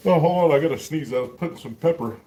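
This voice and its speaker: A man's voice: fairly high pitch, quick pace, warm tone, slight background noise. A middle-aged man with a West Texas accent, chatting casually with viewers over dinner in a laid-back, drawling way. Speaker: host. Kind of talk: casual chat while eating dinner.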